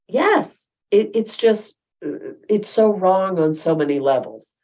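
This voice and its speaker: A woman's voice: mid-range voice, expressive, slow, a little mellow, poor audio. A woman co-hosting a casual talk show, giving firm, emphatic opinions. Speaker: podcast co-host. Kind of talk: casual chat.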